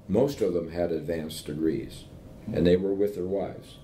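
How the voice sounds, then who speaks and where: A man, an invited professor, telling stories in conversation and checking in with his listeners as he goes. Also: unhurried. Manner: animated anecdotes, keeps checking in with "okay?". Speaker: invited professor speaking with entrepreneurs. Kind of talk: conversational storytelling. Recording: roomy echo with faint rumble.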